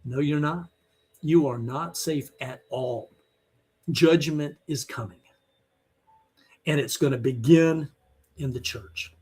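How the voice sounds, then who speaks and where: Man, Bible teacher, online sermon; high-ish husky voice, blunt and scolding. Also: takes it slowly, pauses often, a little mellow.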